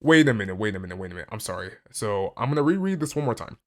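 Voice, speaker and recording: A man casually reacting to a comic chapter, excitable and stammering, packing his talk with "like" and reading passages aloud between his reactions. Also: lowish voice, very fast. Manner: excitable, stammering, heavy use of "like".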